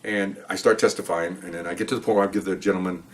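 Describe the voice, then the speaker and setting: A man's voice: deep voice, fairly even intonation, fast. An older man, a police officer, telling rambling stories in casual chat and often checking in with "okay?". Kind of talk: casual storytelling.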